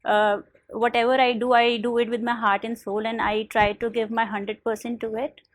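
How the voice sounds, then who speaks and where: A young woman from India answering a formal interview panel politely, often saying "sir" and pausing with fillers. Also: fairly high pitch, flat delivery, dry recording. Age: young adult. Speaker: interview candidate.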